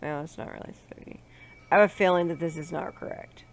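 A sick woman playing a horror game, talking to herself and swearing and yelling at the game. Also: low-pitched, steady tone, fast talker. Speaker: let's play gamer.

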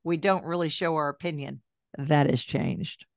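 A talkative woman in her sixties with a fairly low voice tells her story as an interview guest. She chats in a lively way and slips in asides. Her voice sounds dry and close, with no room around it. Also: normal speed, creaky, no room sound. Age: 60s. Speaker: guest, journalist and health coach.

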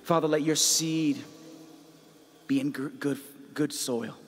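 A man's voice: on the high side, fairly even intonation, slow, big-room sound. A man leading worship in a church, praying fervently and calling out to the congregation. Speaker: worship leader. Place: church sanctuary. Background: loud worship music.

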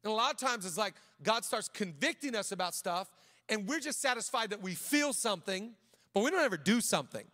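Bright high-voiced man preaching in a reverberant hall. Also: animated, brisk. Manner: conversational, many restarts, drops to quiet storytelling. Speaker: pastor. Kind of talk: sermon with personal storytelling. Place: large church auditorium.

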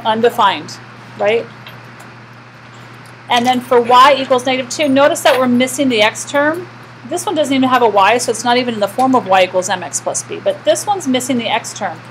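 A woman's voice: fairly high pitch, animated, brisk, a little hiss or hum, rough recording. Woman math teacher lecturing a class. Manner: asks the class questions and answers them herself.

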